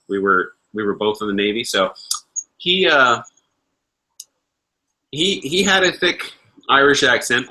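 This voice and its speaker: A man hosts a casual livestream chat, spinning a loose, rambling anecdote. His voice is bright and forceful at an ordinary pitch, and he laughs and swears freely as he goes. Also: poor audio. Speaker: livestream host.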